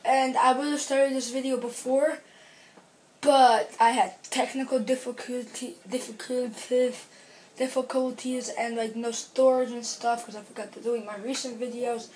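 A gaming video creator, a woman with a slightly high, somewhat mellow voice and little pitch movement, comments casually on the racing game she's playing. She speaks at a moderate pace, rambling and correcting herself. The sound is roomy with racing game music behind her and a little hiss or hum.

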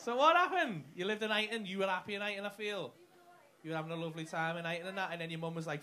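A man's voice: sits high, racing. A man doing crowd work in a comedy club, sweary and mocking, ranting at the audience and laughing through his lines. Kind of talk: live stand-up crowd work. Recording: live club recording with audible noise.

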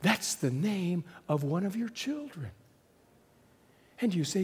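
A man preaching a sermon, telling a story in which he voices hushed dialogue between the listener and Jesus. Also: a little high, expressive, slow pace, breathy edge, long reverb tail.

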